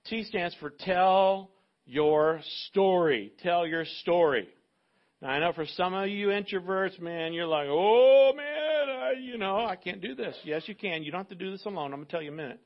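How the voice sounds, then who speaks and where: A man preaching a sermon as pastor, animated and acting out little dialogues in different voices. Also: a little high, normal speed, muffled recording.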